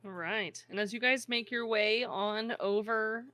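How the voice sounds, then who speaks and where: A woman's voice: a little high, fairly even intonation, measured pace, sharp tone, no room sound. Laid-back woman game master. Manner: chatty, laughs often, loose filler-heavy narration. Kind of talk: narrating a tabletop game.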